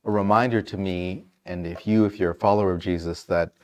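A man's voice: low-pitched, steady tone, brisk. A man co-hosting, giving a reflective, conversational introduction. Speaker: co-host introducing the segment.

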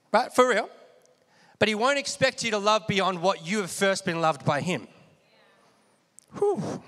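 A man's voice: high voice, pushed and bright. A man preaching a sermon with lots of energy, calling on the congregation to repeat after him. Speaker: pastor. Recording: long hall reverb.

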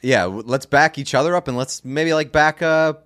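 A man's voice: a little high, moderate pace, a bit bright, dry recording, clean studio sound. A man co-hosting a casual podcast, laughing along and building jokes on his friend's story. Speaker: podcast co-host. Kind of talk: casual chat.

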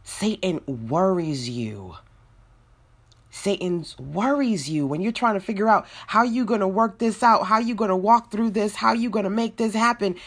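A woman hosting a motivational faith talk, speaking in a rhythmic, repetitive preaching cadence and acting out inner voices in quick bursts. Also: mid-range voice, expressive. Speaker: podcast host.

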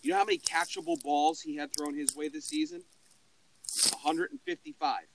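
A man co-hosting a casual sports podcast. He talks in an excitable, emphatic way and swears freely. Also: a little high, a little fast, creaky, background noise. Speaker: podcast co-host.

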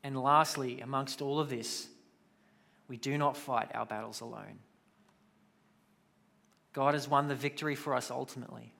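Bright-voiced man preaching. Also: medium pitch, steady tone, moderate pace, gravelly, long pauses. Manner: conversational preaching with casual asides. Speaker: pastor. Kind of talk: sermon.

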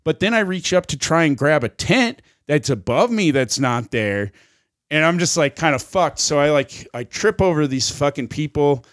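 A man's voice: on the high side, lively intonation, normal speed, no room sound, studio quality. A man co-hosting a podcast, telling a long rambling story in casual chat, swearing constantly and laughing along the way. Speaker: podcast co-host.

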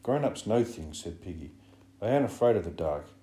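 A man's voice: lowish voice, very animated, fairly quick, mellow. A man reading an audiobook, voicing an anxious, fussy schoolboy who pleads earnestly. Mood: wistful. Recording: roomy echo.

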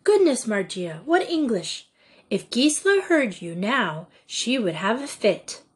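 A woman's voice: a little high, big pitch swings, a little slow. A woman reading an audiobook, voicing a confident, breezy schoolgirl ringleader. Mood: scheming. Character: lively scheming schoolgirl leader.

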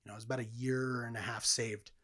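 A man's voice: mid-range voice, level tone, fast talker, fairly bright tone. A man earnestly telling his personal testimony as a guest in a conversation. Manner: earnest, reflective storytelling.

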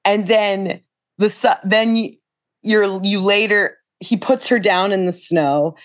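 A young woman co-hosting a casual film discussion podcast, retelling scenes in a chatty, animated way. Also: mid-range voice, slow. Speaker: podcast co-host.

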